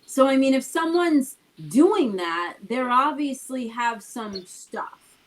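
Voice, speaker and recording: A woman's voice: sits high, expressive, takes it slowly, low-quality recording. A woman co-hosting a talk show who explains her points conversationally and drives them home with rhetorical questions. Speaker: co-host. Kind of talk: casual motivational talk.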